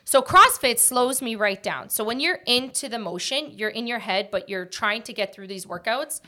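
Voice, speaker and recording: Female podcast host, higher bright voice, rapid, scattered, animated storytelling delivery. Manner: rapid, jumps between thoughts. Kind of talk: casual podcast chat.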